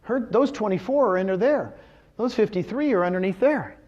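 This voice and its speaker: Fairly quick and animated, a high-pitched man with a slightly mellow voice tells success stories to a live real estate seminar audience, peppering them with rhetorical questions. It's a motivational talk, and the recording is muffled.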